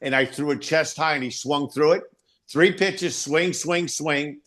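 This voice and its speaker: An older former pitcher retells a game pitch by pitch in a slightly high, plain-spoken voice. He talks casually and swears now and then. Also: normal speed, a bit bright. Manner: plain-spoken, swearing, recalls events step by step. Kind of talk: casual storytelling.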